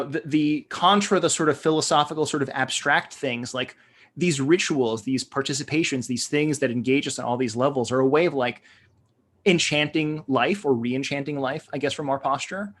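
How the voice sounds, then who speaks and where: A man's voice: fairly high pitch, moderate pace, fairly bright tone. An American man co-hosting a podcast, talking in a rambling way with many fillers and restarts. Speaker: podcast co-host. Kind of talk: casual discussion.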